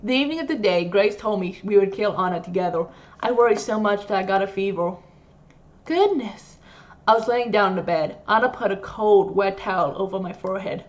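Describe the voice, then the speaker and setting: A woman gamer who reads a visual novel aloud in a playful, animated way. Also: medium pitch, a little fast, highs cut off. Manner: animated, playful dramatic reading.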